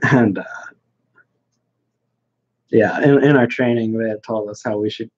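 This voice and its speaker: A man's voice: on the low side, steady tone. Blunt young man, muffled lo-fi sound. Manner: blunt, mocking, halting with many restarts. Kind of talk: casual chat. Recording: dull lo-fi sound.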